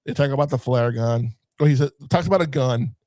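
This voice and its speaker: A man co-hosting a movie review podcast, retelling scenes with lots of swearing and quick mimicked lines in casual talk. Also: medium pitch, mellow, dry recording. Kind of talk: casual film discussion.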